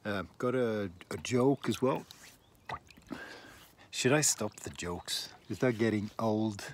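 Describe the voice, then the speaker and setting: Slow, rambling man chatting outdoors. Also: on the low side, a little hiss or hum. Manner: rambling, self-deprecating, many restarts. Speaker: shaving vlogger. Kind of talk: casual outdoor vlog chat. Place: outdoors in a windy garden.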